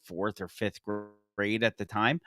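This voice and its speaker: A man's voice: lowish voice, steady tone, slow, bright, forceful tone. A middle-aged man hosting a podcast, telling stories in casual chat. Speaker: podcast host.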